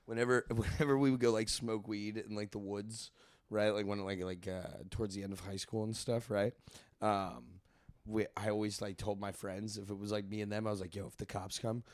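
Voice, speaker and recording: A man co-hosting a podcast in casual chat, joking and quick to laugh, swearing freely. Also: lowish voice, level tone, no echo, studio quality. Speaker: podcast co-host. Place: podcast studio.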